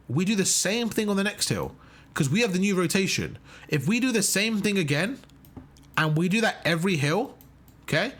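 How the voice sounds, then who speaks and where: Male coach, slightly raspy, pitch a touch high, pushes points hard while walking through footage. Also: fairly bright tone. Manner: emphatic, keeps checking in with "right?" and "okay?". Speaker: competitive gaming coach. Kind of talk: breaking down match footage.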